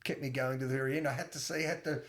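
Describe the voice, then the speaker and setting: A man's voice: medium pitch, level tone, racing, a bit bright. A man co-hosting a casual film podcast, talking enthusiastically with laughter and swearing. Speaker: podcast co-host. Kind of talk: casual chat.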